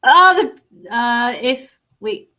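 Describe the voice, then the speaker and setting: A young woman co-hosting a podcast in casual chat, giggly and quick to laugh. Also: fairly high pitch, animated, pushed and bright. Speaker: podcast co-host.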